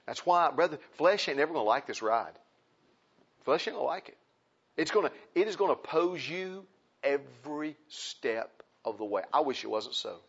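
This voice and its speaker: A man preaching a sermon in a folksy, impassioned way. He repeats phrases and swings between loud and soft. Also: medium pitch, breathy edge, highs cut off.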